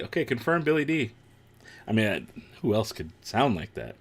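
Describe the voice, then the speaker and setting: Guy streaming a watch party, lowish voice that jumps all over, laughs a lot, super chatty. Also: sing-song, normal speed, breathy edge. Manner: chatty, laughs often, reacts aloud to the show. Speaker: streamer hosting a watch-along. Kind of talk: casual live-stream chat.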